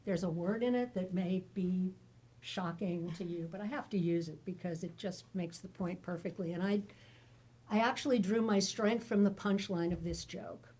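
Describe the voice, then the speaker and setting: A woman's voice: lowish voice, moderate pace, mellow, breathy edge. A middle-aged woman from the United States, speaking as a panelist and candidly sharing her caregiving experience with jokes along the way. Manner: candid, joking storyteller. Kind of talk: personal story at a public panel.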